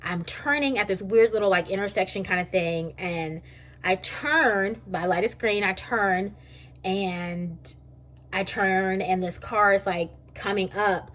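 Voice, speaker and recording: A young woman, casually vlogging and telling a story in a chatty, animated way from her kitchen. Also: medium pitch, measured pace. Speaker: beauty vlogger. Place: home kitchen.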